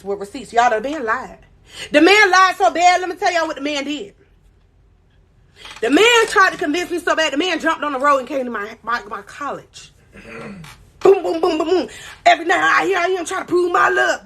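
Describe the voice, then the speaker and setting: A young woman with a high voice tells a long story on a live stream. She acts out every scene with dramatic flair and keeps breaking off to read the chat. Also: a little hiss or hum. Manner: animated, dramatic retelling, reads chat aloud.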